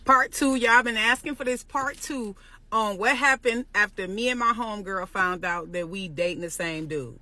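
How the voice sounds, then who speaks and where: Bright-voiced woman telling a storytime. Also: medium pitch, moderate pace. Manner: animated and profane, addressing viewers as "y'all". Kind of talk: casual storytime.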